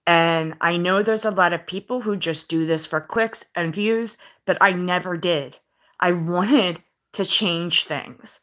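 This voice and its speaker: A woman's voice: on the low side, a little slow, a bit bright. A woman speaking to her viewers as an independent journalist, earnest and aggrieved in her vlog monologue.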